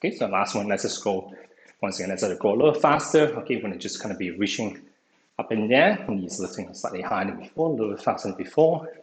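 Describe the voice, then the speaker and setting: Low-voiced man leading an exercise class. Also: expressive, fast talker. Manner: encouraging, says "okay" constantly. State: slightly out of breath. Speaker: exercise instructor. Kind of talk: online fitness class instruction. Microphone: video call. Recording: echoey room, faint noise.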